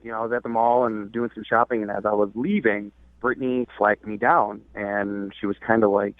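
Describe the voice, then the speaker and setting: A man's voice: fairly low pitch, flat delivery, a little fast, no room sound. Young man, radio caller, hesitant, rambling, many fillers, tinny phone line, dry sound. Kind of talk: telling a dating story on radio. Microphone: telephone.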